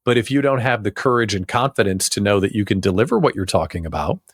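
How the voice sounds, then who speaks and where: A man's voice: lowish voice, lively intonation, fast, breathy edge, no echo. A man hosting an interview, asking long, thoughtful questions about client work. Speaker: podcast host.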